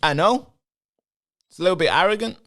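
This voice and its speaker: A man's voice: high voice, animated, fairly quick, a bit bright. Male live-streamer, rambling commentary straight to viewers, answers chat. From Britain.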